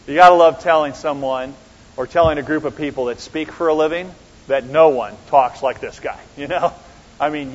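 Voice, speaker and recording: Husky man preaching in an echoing hall. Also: medium pitch. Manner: conversational, fond of rhetorical questions. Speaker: preacher teaching a Bible study. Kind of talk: sermon-style Bible teaching. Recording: dull lo-fi sound with long hall reverb.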